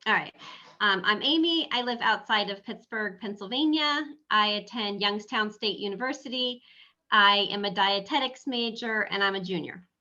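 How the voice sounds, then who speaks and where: A woman student introducing herself over a phone, hurried and apologetic. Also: mid-range voice, bright, forceful tone, muffled recording.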